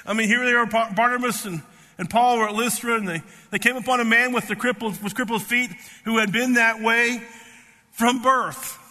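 A man's voice: fairly even intonation, normal speed, bright, forceful tone, in a large hall. A man in his fifties preaching a sermon, emphatic and repetitive, tearful as he rises to fervent peaks. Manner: emphatic, repeats words, rising to fervent pitch.

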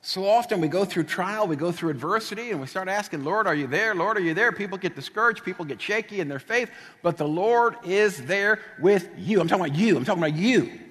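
A middle-aged male preacher from New Jersey delivers a sermon in a fairly high voice. He tells stories with animated energy and slips into casual, chatty asides. His voice rings out in a church hall with a long reverb tail. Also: brisk, hardly any pauses, husky.

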